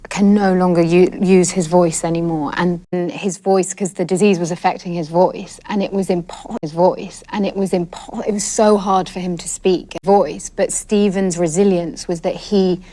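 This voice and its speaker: A woman speaking in an interview, halting and restarting her sentences. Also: on the low side, steady tone, dark tone.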